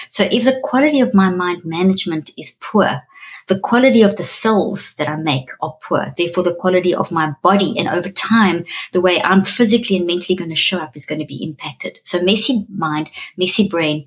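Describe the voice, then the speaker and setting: A woman neuroscientist, a podcast guest, explaining in an earnest, emphatic teaching tone with repeated phrases. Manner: acts out inner self-talk in a higher voice.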